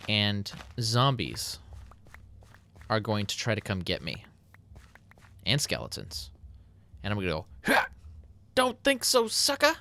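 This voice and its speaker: A man's voice: lowish voice, creaky, a bit bright, a little hiss or hum. A man casually narrating his building game, chatty and self-mocking. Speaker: Minecraft YouTuber. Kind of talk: casual gameplay commentary.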